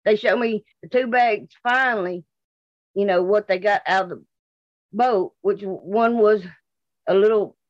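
In an emotional interview, a Mississippi woman with a Southern US accent bluntly and indignantly describes her daughter's disappearance, repeating herself. Her voice is mid-range and a little slow, and the recording is muffled with no echo.

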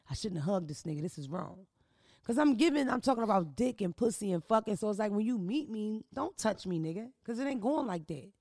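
A woman hosting an advice podcast in a studio, telling stories in a loud, profane, animated way. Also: medium pitch, gravelly, breathy edge, no echo. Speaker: podcast host giving advice. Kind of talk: casual comedic chat.

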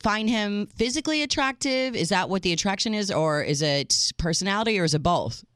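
A woman co-hosts a call-in radio show, her pitch swinging widely as she talks. She is lively and laughs easily. The sound is dry and close. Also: brisk, no room sound. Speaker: radio co-host.

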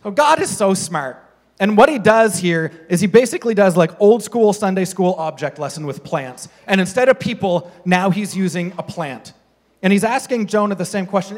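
An animated man preaching to a congregation, his voice sitting a little high. He swings between lively, playful storytelling and quieter, earnest points. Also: moderate pace. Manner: animated, mocking voices for the characters. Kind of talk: sermon.

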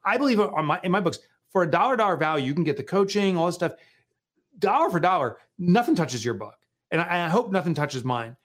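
A man in a casual conversation who tells stories with a lively, swinging voice. He speaks a little higher than most men, laughs easily and acts out little scenes as he goes. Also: fast. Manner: animated storyteller, laughs often, acts out quotes. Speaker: author and guest.

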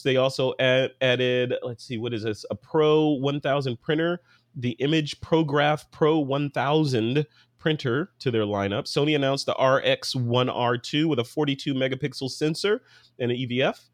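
A man's voice: mid-range voice, no room sound, clean studio sound. A man hosting a photography podcast in a casual, joking, chatty way. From California. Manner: chatty, joking, fast asides. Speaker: podcast host. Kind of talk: casual chat.

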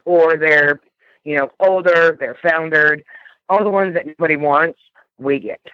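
A woman's voice: deep voice, a little slow, fairly bright tone, dry recording, highs cut off. Earnest woman guest. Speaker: guest, rescue organizer. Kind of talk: interview answers.

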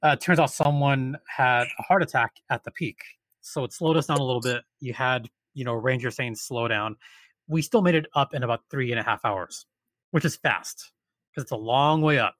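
A man casually telling a story, animated and exasperated, acting out the people he quotes. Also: mid-range voice, normal speed, no room sound.

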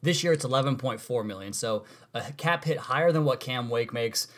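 Male podcast host, rapid casual delivery, chatty sports talk. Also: medium pitch, fairly bright tone. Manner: fast, conversational, self-correcting.

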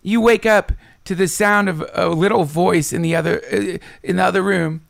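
Animated man, gravelly and dry. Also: normal speed, dry recording. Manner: animated, swearing, voices his own thoughts with big swings in pitch. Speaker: guest. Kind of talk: casual podcast conversation.

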